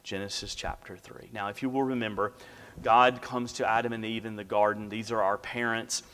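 A man preaching a sermon, telling a personal story and dropping to a hush for the quiet moments. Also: on the low side, level tone, normal speed, smooth. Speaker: pastor. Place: church sanctuary. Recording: long hall reverb.

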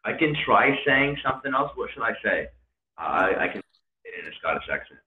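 A man's voice: on the low side, lively intonation, fairly quick. A man co-hosting a casual podcast, self-deprecating and playful. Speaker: podcast co-host. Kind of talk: casual chat. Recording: tinny phone-like, roomy.

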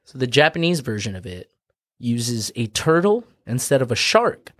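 Brief: casual male co-host, profane, loose storytelling, mid pitch. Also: very animated, moderate pace, no room sound, clean studio sound. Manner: profane, rambling with lots of "like".

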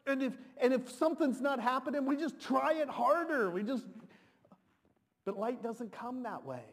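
Male preacher, high pitch, animated and repetitive delivery, reverberant sanctuary. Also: moderate pace. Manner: animated, repeats words, shouts to dramatize. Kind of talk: sermon. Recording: long reverb of a large hall.

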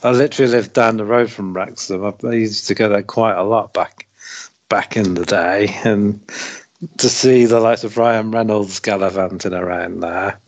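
A man's voice: on the low side, steady tone, normal speed. A man from Britain co-hosting a podcast in laid-back casual chat, laughing a lot and using British slang. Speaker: podcast co-host.

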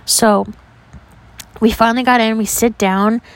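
A young woman from New York, a podcast host, telling stories in a chatty, animated way, full of "like" and casual swearing. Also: a little high, measured pace. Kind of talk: casual storytelling.

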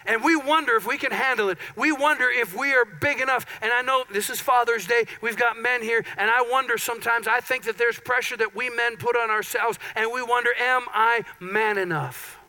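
A man's voice: very high-pitched, steady tone, a little fast, few pauses, sharp tone, poor audio. A man preaching a sermon as pastor at a church, mixing playful self-deprecating asides with scripture reading. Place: church sanctuary.

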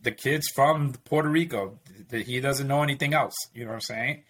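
A man chatting casually, retelling conversations and slipping into quoted voices to make his point. His delivery is emphatic and conversational, at an ordinary middle pitch. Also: brisk, a bit bright. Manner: emphatic storytelling with acted quotes. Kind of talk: casual chat.

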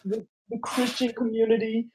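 A man's voice: extremely high pitch, monotone, moderate pace, a little mellow, husky. A teenage guy from Denmark co-hosting a podcast, chatting loosely, giggling and swearing often. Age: teens. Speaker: podcast co-host. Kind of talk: casual chat.

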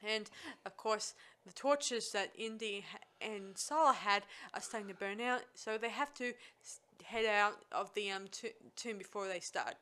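A woman's voice: medium pitch, moderate pace, hardly any pauses, bright, forceful tone. A woman recapping a film scene by scene in casual chat, enthusiastic and rambling, with many fillers and restarts.

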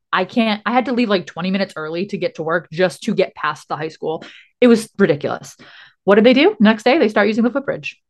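A woman's voice: medium pitch, lively intonation, brisk. Lady cohosting a podcast, chatty, laughs a lot, rambles on. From Rhode Island. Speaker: podcast co-host. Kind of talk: casual chat.

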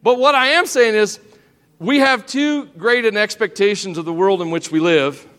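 A middle-aged pastor preaches in a church sanctuary in a folksy, joking manner, speaking directly to the congregation and the children while his voice cracks a little. His voice is high, fairly bright, and clean, at a moderate pace, with a big-room sound.

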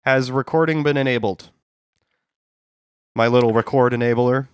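A man's voice: medium pitch, steady tone, moderate pace, clean tone. A man co-hosting a comedy podcast, riffing in a dry, rambling way with absurd tangents. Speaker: podcast co-host. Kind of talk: casual comedic chat. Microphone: studio podcast mic.

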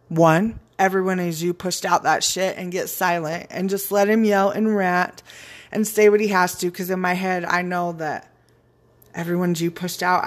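A woman giving a frank, casual motivational talk. She swears freely and laughs often. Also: lowish voice. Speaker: speaker on personal boundaries.

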